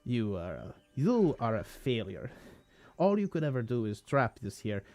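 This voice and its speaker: A man playing sneering male villain, gloating, slow scornful taunts, game character. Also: medium pitch, very animated, a little mellow. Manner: mocking, scornful, laughing at his foe. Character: gloating male villain rolling in a hamster ball.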